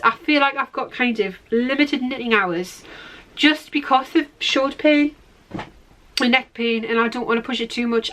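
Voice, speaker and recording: A woman's voice: on the high side, fairly bright tone. A middle-aged woman hosting a knitting podcast, rambling and self-deprecating in casual chat while showing her work to the camera.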